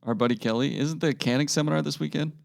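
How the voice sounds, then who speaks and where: A man's voice: fairly high pitch, fast, vocal fry. Wry male podcast co-host. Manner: wry, dry humor. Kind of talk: casual news chat and reading old stories.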